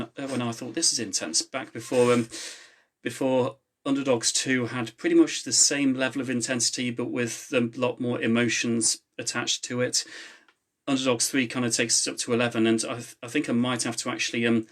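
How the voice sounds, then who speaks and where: A man reads his own novel aloud on a live stream from home, with a mid-pitched voice. Between passages he chats in a relaxed way with fillers before going back to steady narration. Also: brisk. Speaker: author reading his novel. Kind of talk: live reading to online viewers. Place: home, with a laptop.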